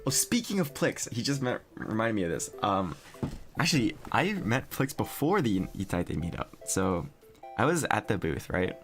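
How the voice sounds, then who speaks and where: A man's voice: on the low side, sing-song, moderate pace, soft background music. A young man streaming, chatting casually and telling a rambling story with plenty of swearing.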